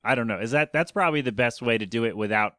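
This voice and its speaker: A man's voice: medium pitch, fast, pushed and bright, no room sound, clean studio sound. A man hosting his own podcast, talking casually in a rambling, self-deprecating way with lots of fillers and restarts. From United States. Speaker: podcast host. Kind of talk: casual solo podcast talk.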